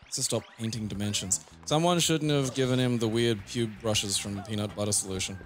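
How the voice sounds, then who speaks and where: A man's voice: on the low side, fairly quick. Teasing, foul-mouthed man over game music. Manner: teasing, sarcastic, swears freely. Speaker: let's play co-host. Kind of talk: casual gameplay banter.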